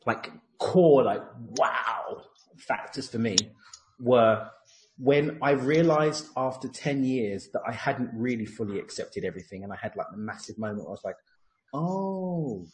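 A man's voice: mid-range voice, normal speed, a little hiss or hum, low-quality recording. A man in casual conversation, talking earnestly about a personal insight and acting out his own inner thoughts. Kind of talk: reflective casual chat.

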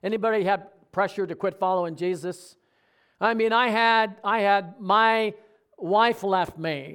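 A man's voice: high-pitched, fairly bright tone, clean tone. A middle-aged man preaching a sermon, talking with his congregation and asking them questions. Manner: conversational preaching with audience questions. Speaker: pastor.

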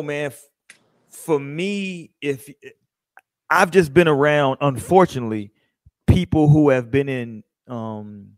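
A man hosting a podcast, asking the panel questions and reading from the chat in a relaxed, slangy, joking way. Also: medium pitch, no echo, clean studio sound. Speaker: podcast host. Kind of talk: casual chat.

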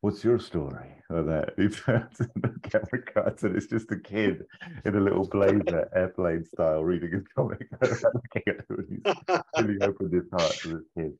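A man's voice: low voice, darkish tone, breathy edge, lo-fi sound. A man, a podcast co-host, telling a long made-up film plot in casual chat. He rambles, acts out quoted lines and laughs as he goes.

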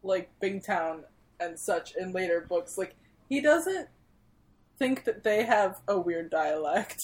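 Lively woman, casual book chat, poking at questions. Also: lowish voice, takes it slowly, low-quality recording. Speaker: book club podcast co-host.

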